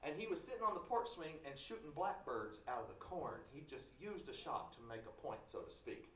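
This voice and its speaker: A man's voice: a little high, sing-song, brisk, bright, forceful tone, slight background noise. A man from Kentucky, telling a story live in a folksy, wry way, heard in a large hall from a distance. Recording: roomy hall from far off.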